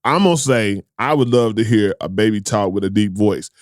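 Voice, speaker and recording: A man hosting a casual comedy podcast, telling animated, profane stories and breaking into laughter. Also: on the low side, moderate pace, dry recording, clean studio sound. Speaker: podcast host.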